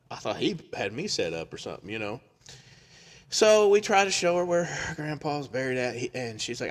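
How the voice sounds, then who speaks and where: An animated man telling a funny story in a casual chat. His pitch swings widely, and he laughs often as he acts out the people in it. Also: fairly quick.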